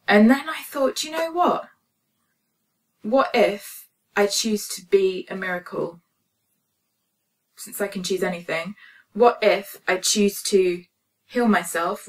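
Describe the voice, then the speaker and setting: A woman's voice: on the low side, distant mic. A woman telling a personal story as a spiritual healing vlogger, earnest and emotional with many fillers. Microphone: phone camera.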